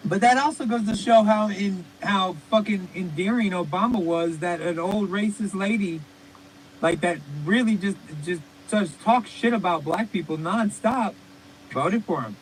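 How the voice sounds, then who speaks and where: A man's voice: high voice, measured pace, slight background noise, low-quality recording. A man co-hosting a podcast, telling rambling, profane stories in casual comedic chat. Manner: rambling, profane, animated storytelling. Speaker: podcast co-host.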